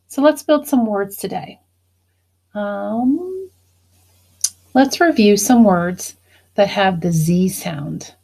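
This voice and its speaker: A woman teacher giving a recorded phonics lesson, slowly and deliberately dictating phrases and explaining how to mark syllables. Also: mid-range voice, gravelly, a little mellow.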